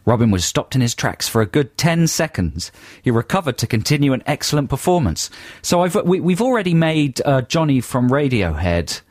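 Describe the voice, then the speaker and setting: Male radio co-host, lively sing-song delivery, dry studio sound, teasing banter and email reading. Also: medium pitch, moderate pace, hardly any pauses, dry recording. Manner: bantering, reads listener emails aloud.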